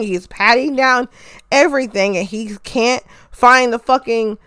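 Woman, casual recapper. Excitable and profane, lots of "uh", resonant tone, close dry bedroom mic. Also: on the high side, unhurried, clear, resonant tone, dry recording. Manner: excitable, heavy swearing, filler "uh". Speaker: wrestling show recapper.

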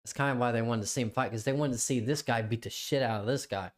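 A young man co-hosting a podcast tells a rambling, profane story, laughing often. His voice sits in the mid-range and he talks fast.

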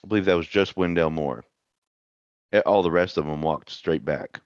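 A man's voice: low voice, normal speed, no echo. A man co-hosting a casual sports chat, talking in a dry, sarcastic way. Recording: dull lo-fi mic.

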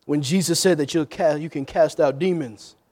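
A man. He drops to near-whispered asides, then climbs into loud, shouted calls to the church. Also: on the high side, moderate pace. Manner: call-and-response preaching, swinging from hushed to shouting. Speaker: pastor. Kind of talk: sermon.

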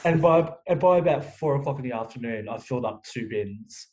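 A man's voice: medium pitch, animated, fairly quick, a little mellow, rough recording. A young man talking frankly as an interview guest, swearing often and restarting his sentences. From Australia. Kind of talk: candid interview talk.

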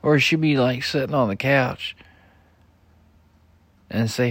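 A man's voice: mid-range voice, takes it slowly, no echo. A young man venting in a profane personal rant, swearing heavily and griping in an exasperated way. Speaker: husband venting.

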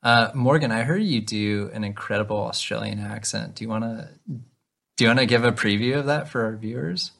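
Gravelly low-voiced man co-hosting a podcast. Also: a little fast, fairly bright tone. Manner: playful, pitching ideas with jokes. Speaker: podcast co-host. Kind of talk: casual podcast chat.

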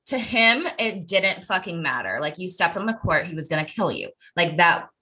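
Casual co-host, young woman, bright lowish voice, swears freely. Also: animated, moderate pace. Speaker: podcast co-host. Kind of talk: casual chat.

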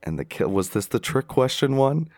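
A man's voice: mid-range voice, big pitch swings, moderate pace, darkish tone, no room sound. A man co-hosting a podcast movie review, talking in a laid-back way with dry quips and jokey asides. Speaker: podcast co-host. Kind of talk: casual movie review chat.

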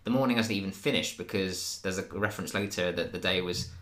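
Deep-voiced man chatting. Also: quick pace, a bit bright. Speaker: podcast co-host. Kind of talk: casual chat.

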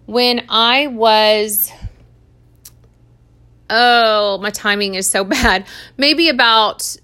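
A woman gives an earnest Christian testimony conversationally, laughing now and then. Her voice sits on the high side, smooth, pushed and bright, with drawn-out words.

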